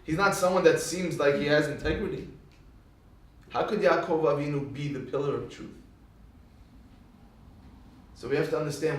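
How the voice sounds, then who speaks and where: Man, rabbi, Torah lecture, animated storyteller, far from the mic, booming room echo. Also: moderate pace, pauses often. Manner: animated storyteller who acts out quoted speech. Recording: echoey hall, speaker far from mic.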